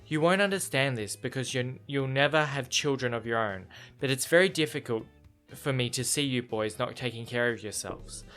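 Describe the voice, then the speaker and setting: A man's voice: mid-range voice, moderate pace, a bit bright, soft background music, natural voice. A man reading as a fretful, prim mother. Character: fretful, passive-aggressive middle-aged mother.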